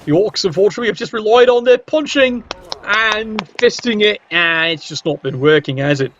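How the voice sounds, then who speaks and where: A man's voice: sits high, expressive, normal speed, a bit bright, a little hiss or hum. Wry man commentating a game. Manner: chatty, wry, teasing the players. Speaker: match commentator. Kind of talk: casual video game commentary. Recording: dull lo-fi recording.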